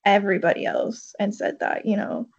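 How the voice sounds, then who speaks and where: A woman's voice: medium pitch, moderate pace. A woman co-hosting a podcast, speaking in a reflective way and using lots of fillers. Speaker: podcast co-host. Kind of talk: casual chat. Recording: dull lo-fi mic.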